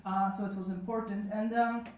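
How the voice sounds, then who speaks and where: A woman's voice: mid-range voice, fairly even intonation, a little fast, darkish tone. Woman in her 30s, live comic storytelling, candid and chatty, distant mic in a roomy cafe. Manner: self-mocking, frank, chatty with asides. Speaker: solo show performer telling stories. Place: small cafe event room. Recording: echoey room from a distance.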